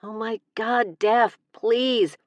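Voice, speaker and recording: Brief: woman narrator doing a worried young witch friend, higher, begging and urgent, in a dry audiobook recording. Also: fairly even intonation, extremely slow, dry recording. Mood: pleading. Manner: pleading, urgent.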